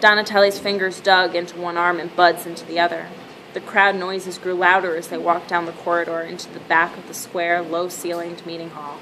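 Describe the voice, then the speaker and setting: A woman reading a novel aloud as narrator with a steady, measured delivery. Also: lowish voice, slight background noise, poor audio. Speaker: audiobook narrator. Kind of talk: scripted narration.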